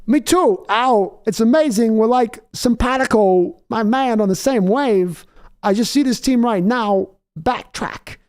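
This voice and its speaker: A man putting on an excitable sports pundit voice, shouting with stretched, emphatic words in mock panel banter. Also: extremely high pitch, unhurried, smooth, pitched above the performer's own voice. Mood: hyped.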